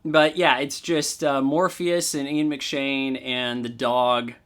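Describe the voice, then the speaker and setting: A man's voice: medium pitch, level tone, takes it slowly, fairly bright tone, clean tone. A man giving a casual movie review, ranting sarcastically and swearing freely.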